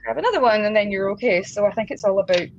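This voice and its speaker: A chatty woman guest on a video call trades stories about gigs in an easy, self-deprecating way. Her voice sits at a middling pitch, and the audio comes through a little dull and lo-fi, with faint hiss behind it. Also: lively intonation, very fast, creaky. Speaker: guest drummer and singer. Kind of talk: casual interview chat.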